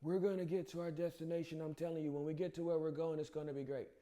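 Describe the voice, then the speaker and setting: A man doing a low, mumbling impression of a rambling president driving a carload of kids. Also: flat delivery, fast talker, warm tone, lightly acted. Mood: soothing rambling.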